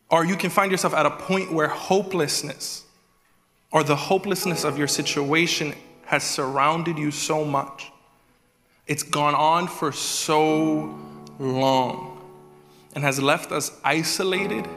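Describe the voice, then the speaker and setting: Animated preacher in a reverberant church. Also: male voice, fairly high pitch. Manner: animated preaching, acts out prayers in a raised voice. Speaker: executive pastor. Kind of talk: sermon. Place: church sanctuary. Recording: reverberant church hall with music.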